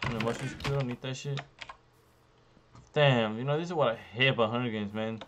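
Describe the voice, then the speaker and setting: A young man giving profane, frustrated commentary while playing a survival game, jumping between loud outbursts and low muttering. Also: brisk, slight background noise. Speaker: gaming YouTuber. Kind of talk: profane live gameplay commentary.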